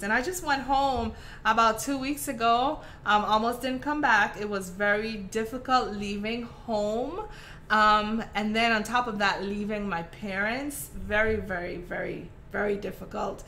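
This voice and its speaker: A woman from Saint Croix with a softened Virgin Islands Caribbean accent, chatting casually with viewers during a live craft tutorial. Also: medium pitch, slight background noise. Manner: chatty, talks to viewers by name with many fillers. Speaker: craft stream host.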